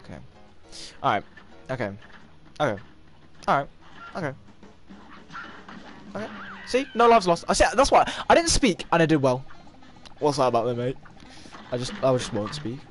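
A sixteen-year-old boy streaming a game, excitable and swearing, shouting at the game. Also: medium pitch, normal speed, long pauses, soft background music. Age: teens. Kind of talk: live gameplay commentary.

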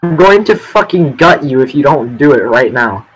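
A man's voice: mid-range voice, expressive, normal speed, husky, rough recording. A man chatting casually over game voice chat, joking crudely and swearing. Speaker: player in voice chat.

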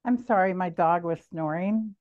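A woman with a very low voice chats on a webinar panel, apologetic and full of fillers. Her voice comes through a tinny, phone-like video call line that sounds dry and close. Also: normal speed, no room sound. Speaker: panelist, trade show planner.

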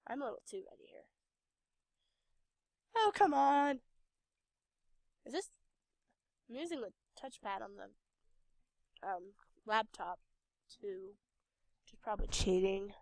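Tired and slightly ill, an Idaho game video host with a Western American accent speaks slowly at a medium pitch, her tone darkish and broken by long pauses. She rambles through laid-back commentary on her gameplay and answers the characters on screen, captured in a dry, studio-quality recording.

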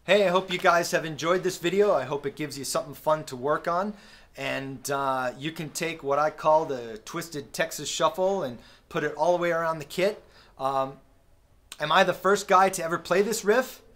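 A man teaching drums in a relaxed, friendly way, explaining patterns with small fillers and sung drum sounds, recorded on a camera mic in a practice room with a drum kit. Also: on the high side, moderate pace. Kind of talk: casual instructional talk. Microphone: camera-mounted recorder.

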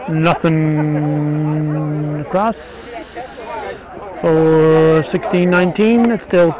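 A middle-aged man doing play-by-play for a local softball game in a relaxed, chatty way, correcting himself and making asides. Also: on the high side, very slow, rough recording. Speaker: play-by-play announcer. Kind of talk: local sports commentary. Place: outdoor softball field. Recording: crowd noise at an outdoor ballfield.

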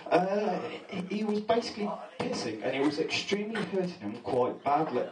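A man's voice: high voice, big pitch swings, moderate pace, darkish tone, a little hiss or hum. A young man from England doing a stand-up comedy set in a pub, nervous and rambling, often laughing at his own jokes. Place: pub function room with a live audience. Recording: distant echoey pub room recording.

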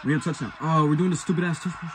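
A young man reacting to football highlights, excitable and profane, repeating his lines as he yells at the game. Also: very fast, crowd noise. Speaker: sports reaction host.

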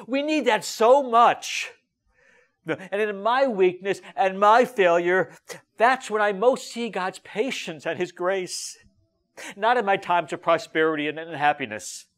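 A man preaching a sermon as a rabbi, emphatic and lively, with frequent fillers and restarts. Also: high voice, normal speed.

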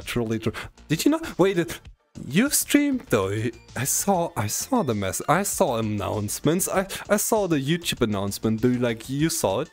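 A German-accented streamer with a medium-pitched, darkish voice chats casually and teasingly with his viewers in a live stream. He stammers and restarts often, and his voice sounds strained and a little worn.

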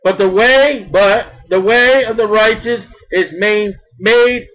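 A man preaching a sermon in an emphatic style, repeating words and swinging between loud bursts and soft asides. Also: sits high, slow pace, rough recording.

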